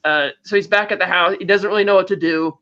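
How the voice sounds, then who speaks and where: High, bright-voiced man recapping a film. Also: fast, highs cut off. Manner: rambling animated retelling with acted quotes. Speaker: podcast co-host. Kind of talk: casual chat, film recap.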